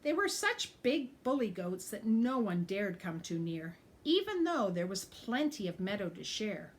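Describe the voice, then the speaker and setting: A woman teacher reading a picture book aloud to children, animated and pausing to explain the pictures. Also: mid-range voice. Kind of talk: storybook read-aloud for children.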